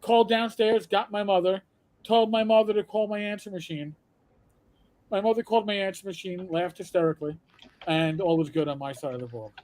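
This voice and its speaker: High-voiced man telling stories. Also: brisk. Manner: animated storyteller, does voices. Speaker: podcast host. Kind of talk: casual chat on a live stream.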